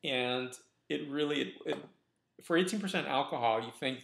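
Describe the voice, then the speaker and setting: A man hosting a casual wine review vlog, talking in a relaxed, enthusiastic way with frequent restarts. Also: medium pitch, moderate pace, gravelly. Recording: roomy echo.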